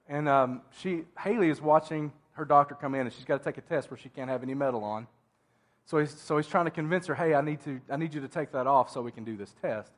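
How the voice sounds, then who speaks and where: A male pastor preaching a sermon in a church, talking conversationally with asides and restarts. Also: medium pitch.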